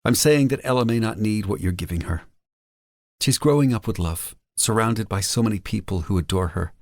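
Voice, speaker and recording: A male audiobook narrator voicing a thoughtful, candid young woman speaking softly and earnestly. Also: on the low side, brisk, dry recording, studio quality, voice pushed up, natural voice. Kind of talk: audiobook character voice.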